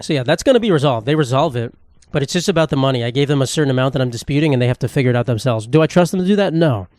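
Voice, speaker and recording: A man's voice: medium pitch, animated, racing, a little mellow, no echo, studio quality. A young man, hosting a solo comedy podcast in a profane, sarcastic, rambling rant. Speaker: podcast host.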